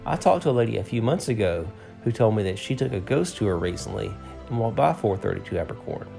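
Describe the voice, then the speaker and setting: A male podcast co-host talks in a relaxed, joking way. His voice is gravelly and mellow, with lively pitch. Soft music plays faintly behind him. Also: quick pace. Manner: easygoing, joking. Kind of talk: casual podcast narration and banter.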